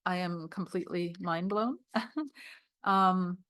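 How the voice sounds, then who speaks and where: Woman doing a tarot deck review, lowish voice, teary and awed, dry close sound. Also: takes it slowly, fairly bright tone, no echo. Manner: emotional, awed, reading scripture aloud. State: tearful. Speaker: tarot reader. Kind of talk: deck review with card readings.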